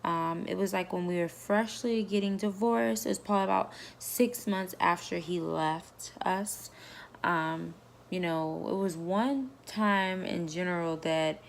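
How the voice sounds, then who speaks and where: A woman vlogging casually to camera, her low voice carrying a gravelly, creaky edge. She rambles through her story, leaning on fillers and "like" as she goes. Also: a little hiss or hum.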